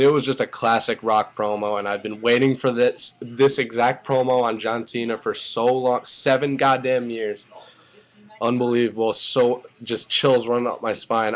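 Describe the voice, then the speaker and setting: A man giving an excited, profane, rambling casual review as a wrestling fan, full of fillers. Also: mid-range voice, moderate pace, low-quality recording.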